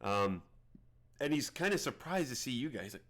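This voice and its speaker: A man narrating a tabletop game as game master, rambling with many halting restarts. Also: a little high, sing-song.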